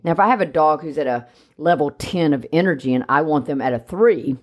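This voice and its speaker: Low-voiced woman explaining dog training. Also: fairly quick. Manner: explains by steady examples, talkative. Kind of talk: casual podcast chat.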